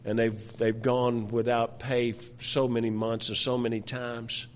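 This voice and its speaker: A man's voice: mid-range voice, little pitch movement, measured pace, a little hiss or hum. An older man preaching, telling a personal story with many restarts and repeated words. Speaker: pastor. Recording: long hall reverb.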